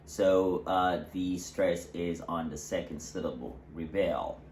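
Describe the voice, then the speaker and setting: A man with a very deep voice explains English pronunciation in a relaxed, casual way, stopping often for fillers and examples. The room sounds echoey, with faint noise underneath. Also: measured pace. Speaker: English teacher, co-host. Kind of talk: casual teaching.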